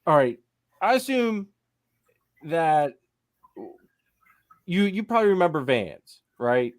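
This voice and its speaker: Rambling 30s guy hosting a podcast, kinda high voice, dry close sound, laughs a lot. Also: big pitch swings, slow pace, no echo. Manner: rambling storyteller, laughs often. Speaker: podcast host. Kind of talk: casual chat reading live comments.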